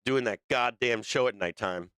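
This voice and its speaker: A man hosting a livestream, talking unscripted with heavy swearing and halting fillers. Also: medium pitch, a bit bright, smooth, no room sound, studio quality. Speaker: livestream show host.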